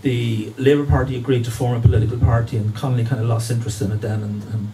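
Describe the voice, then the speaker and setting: A man's voice: medium pitch, fairly even intonation, fast talker. A man giving a history lecture, hesitant, with many fillers and restarts. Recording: distant mic with faint room noise.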